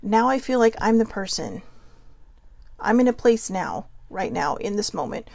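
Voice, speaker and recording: A woman's voice: mid-range voice, sing-song, normal speed, vocal fry, a little mellow, dry recording. A woman vlogger talking earnestly to viewers, telling a personal story in a heartfelt, reflective way. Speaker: mental health vlogger.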